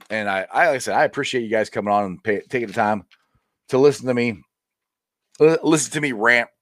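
A man hosting a casual live-stream sports show, excitable and rambling, with frequent laughs. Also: medium pitch, brisk, no room sound, studio quality.

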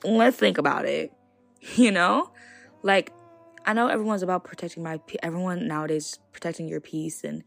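A young woman hosts a casual solo podcast, speaking her mind in an animated, outspoken way. Her voice sits on the low side and has a gravelly, fried texture. Faint music plays behind her. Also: normal speed. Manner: animated, outspoken, laughs between points. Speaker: podcast host.

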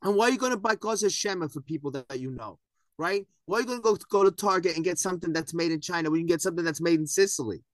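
A man's voice: high voice, racing, no echo. Emphatic, pushy male co-host. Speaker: podcast co-host. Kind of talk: casual podcast chat.

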